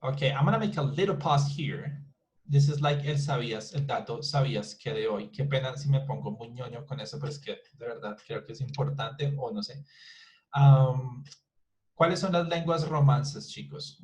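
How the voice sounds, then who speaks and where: A man's voice: medium pitch, fairly quick, a little mellow, poor audio. Man teaching an English class. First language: Spanish. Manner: repeats words to model pronunciation, many restarts. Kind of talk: online class explanation.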